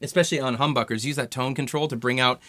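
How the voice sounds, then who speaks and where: A man hosting a casual guitar pedal demo, talking in a relaxed, conversational way with many fillers. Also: mid-range voice, fast talker, slight background noise. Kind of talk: casual gear demo talk.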